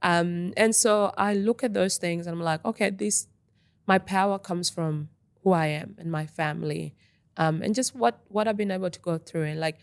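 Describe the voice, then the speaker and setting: A woman's voice: fairly low pitch, normal speed, no room sound. A young woman from Australia, a podcast guest in a studio, talking casually and energetically with lots of "like". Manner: energetic, talkative, frequent "like". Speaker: interview guest. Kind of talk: casual interview chat.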